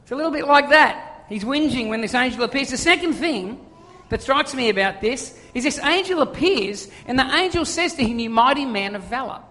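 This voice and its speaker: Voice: sits high, expressive, brisk, sharp tone. Preacher in a reverberant hall. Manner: conversational, joking storyteller. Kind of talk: sermon. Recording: long reverb of a large hall.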